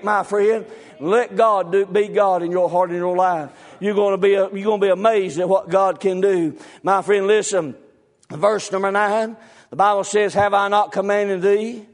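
A man preaching a sermon, fervent and repetitive, breaking into shouts. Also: sits high, steady tone, moderate pace.

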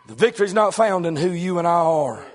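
A middle-aged man preaching a sermon in a strikingly high voice. He talks in a folksy way, breaking into shouts and then dropping to low asides. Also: very animated, a little fast.

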